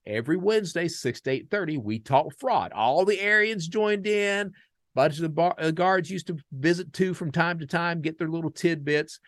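A man from the United States hosting a podcast, telling a story in a casual, animated and profane way and acting out the dialogue. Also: on the high side, moderate pace, dry recording. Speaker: podcast host.

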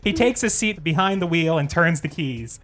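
A man's voice: fairly high pitch, lively intonation, normal speed, fairly bright tone, faint music behind. A man hosting a casual podcast, reading a comic script aloud with mock drama. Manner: playful, reads with mock drama. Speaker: podcast host. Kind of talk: casual chat and scripted narration.

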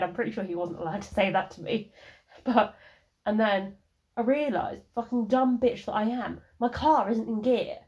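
A woman's voice: medium pitch, fast talker, darkish tone. A young woman in her early twenties, hosting her podcast and telling a personal story in a frank, rambling way with lots of swearing. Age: early 20s. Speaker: podcast host.

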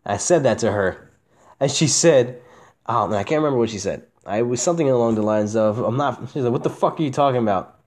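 A young man hosting a casual podcast, talking candidly and profanely, swinging between a flat monotone and excited bursts. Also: mid-range voice, fairly quick. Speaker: podcast host.

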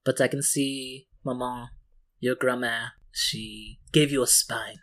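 A game master voicing a poised, cutting older French mother, speaking softly and slowly in a tabletop game. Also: mid-range voice, steady tone. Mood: tender, proud.

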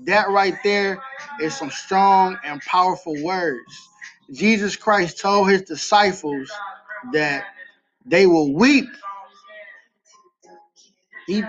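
Slow-talking high-voiced man, earnest. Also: fairly bright tone. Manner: earnest, repeats key phrases for emphasis. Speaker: podcast host. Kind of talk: faith-based personal talk. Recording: slightly dull lo-fi recording.

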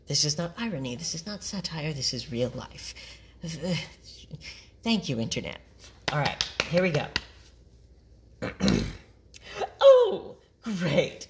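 A woman's voice: sits low, huge pitch swings, slow pace, long pauses, slight background noise. Mocking woman reading an email aloud. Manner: mocking, dramatic emphasis, frequent laughter. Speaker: podcast host.

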